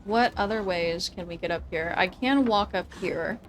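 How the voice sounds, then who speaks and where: A young woman streaming a video game, thinking out loud about tactics, laughing often and swearing casually. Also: lowish voice, normal speed, crowd noise. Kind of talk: casual gameplay commentary.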